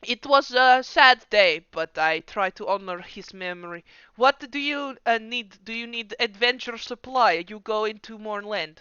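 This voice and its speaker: A woman's voice: a little high, a little slow, hardly any pauses, sharp tone, clean tone, dry recording, dull audio. Woman putting on an Eastern European trader man. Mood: warm, generous. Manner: broken grammar, repeats words, effusive. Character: grateful male market trader, eager to please.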